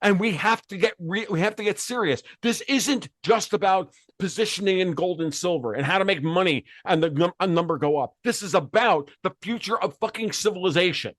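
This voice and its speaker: A man's voice: sits high, brisk, hardly any pauses, a bit bright, no room sound, studio quality. A man hosting a podcast, from the United States, delivering a heated, profane rant full of repeated words and restarts. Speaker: podcast host.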